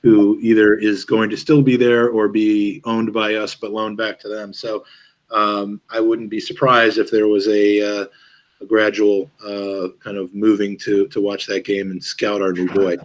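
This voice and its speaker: A man hosting a podcast in casual chat, talking in a halting, joking way with many fillers and restarts. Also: on the low side, level tone. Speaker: podcast host.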